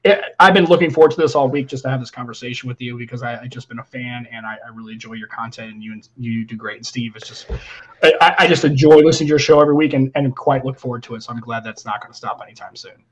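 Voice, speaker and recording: An American man hosting a podcast, chatting casually and rambling with lots of restarts, often trailing off softly at the ends of phrases. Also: medium pitch, quick pace, highs cut off. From United States. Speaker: podcast host.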